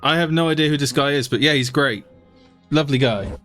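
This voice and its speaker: A man's voice: on the high side, a little fast, a bit bright, soft background music. A man, hosting a game stream and making dry jokes. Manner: dry, joking. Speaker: stream host and gamer. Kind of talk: casual gaming chat.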